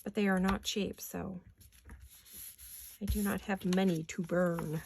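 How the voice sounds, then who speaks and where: Gravelly-voiced woman chatting while crafting. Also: medium pitch, steady tone, a little slow, noisy background. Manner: chatty, talks to herself while working. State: raspy from allergies. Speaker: paper craft vlogger. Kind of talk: casual crafting chat. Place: home craft studio.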